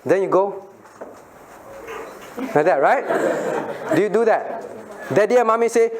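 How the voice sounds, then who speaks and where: A middle-aged pastor teaches children a Bible passage in a bright, high-pitched voice. He keeps firing questions at them, laughs often and acts out little scenes to make his points. A faint hiss sits under the recording. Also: animated, moderate pace, long pauses.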